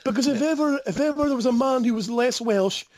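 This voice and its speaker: A man's voice: very high-pitched, fairly quick, a little mellow. A man with a Scottish accent calling into a podcast from a mobile phone, teasing, mock-outraged and laughing often. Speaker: caller. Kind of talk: comedic call-in banter.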